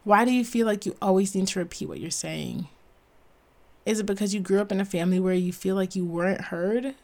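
A woman's voice: medium pitch, fairly quick, darkish tone. A woman hosting a solo podcast who gives an earnest, emphatic motivational talk and laughs at herself now and then. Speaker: podcast host.

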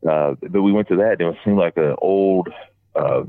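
A deep-voiced man tells a long, loosely strung story, piling one scene onto the next. He livens up when he imitates other people. The sound is thin and tinny, as if over a phone line, and bone dry. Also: moderate pace, dry recording. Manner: rambling, animated when quoting others. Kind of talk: casual storytelling.

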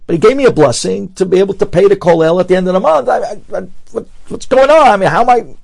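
A man's voice: sits high, fast, vocal fry, darkish tone, voice pushed up. A man doing an exasperated stammering rabbi. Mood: bewildered. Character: anxious middle-aged rabbi, head of a study hall.

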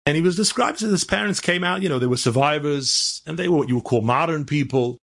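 A rabbi delivers a storytelling sermon, moving from anecdote to fervent exhortation. His voice sits fairly high for a man and has a gravelly, husky texture. He peppers his speech with Hebrew and Yiddish terms. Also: quick pace, a bit bright. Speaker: rabbi and speaker.

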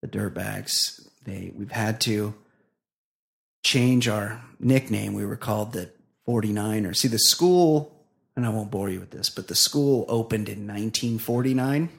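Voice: medium pitch, a little slow, vocal fry. A podcast co-host in casual comedy chat, telling dry, rambling jokes.

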